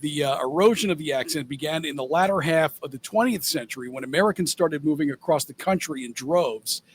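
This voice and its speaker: A man with a fairly high voice reads news items slowly and deliberately, stopping on small fillers. A faint ambient hum sits behind him. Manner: measured, deliberate reading with fillers. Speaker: co-host. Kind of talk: reading news items on a podcast.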